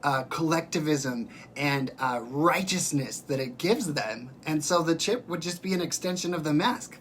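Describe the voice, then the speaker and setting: A woman's voice: low voice, husky. A woman hosting a livestream, talking straight to her viewers in an emphatic, rambling way and answering their comments as she goes.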